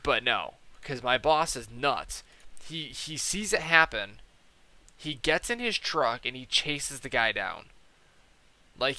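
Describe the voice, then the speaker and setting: A man's voice: mid-range voice, sharp tone. A young man chatting casually over his gameplay, telling stories in heavy slang with lots of swearing and acting out the people he quotes. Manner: profane, slangy, heavy "like" and "dude"; acts out quoted people in changed voices. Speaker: gameplay commentator.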